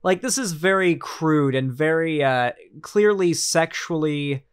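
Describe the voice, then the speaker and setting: A man's voice: a little high, a little slow, clean tone. A man streaming casual political commentary, rambling and sarcastic, with lots of fillers and restarts.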